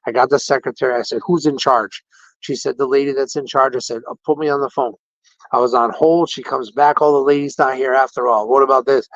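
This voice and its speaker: A man casually telling an animated, indignant story about a care-facility visit, quoting the people involved. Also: mid-range voice, dry recording. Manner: animated, indignant retelling with quoted dialogue. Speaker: podcast host. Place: patient room in a care facility. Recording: dull, dry lo-fi audio.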